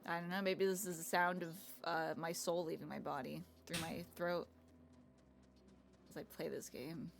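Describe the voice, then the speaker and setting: A woman's voice: fairly low pitch, steady tone, moderate pace, gravelly. A woman streaming a video game live, chatting casually, mocking herself and yelping at surprises.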